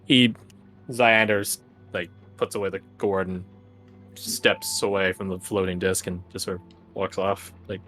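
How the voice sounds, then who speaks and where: A man's voice: low voice, flat delivery, measured pace, fairly bright tone, faint music behind. A man narrating as game master of a tabletop game in a casual, laughing manner and swearing freely.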